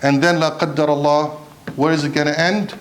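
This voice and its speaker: High-voiced impassioned male preacher. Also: flat delivery, brisk. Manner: impassioned, rhetorical questions, mixes Arabic recitation. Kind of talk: Friday sermon.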